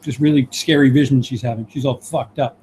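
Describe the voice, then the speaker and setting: A woman, a stand-up comedian, in casual chat, wisecracking, swearing freely and quick to laugh. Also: very deep voice, steady tone, warm tone, slight background noise.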